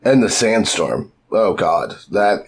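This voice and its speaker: Low-voiced man gushing on a podcast. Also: big pitch swings, slow pace, breathy edge. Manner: loose, enthusiastic recap full of "like" and swearing. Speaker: podcast co-host. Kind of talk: casual podcast chat.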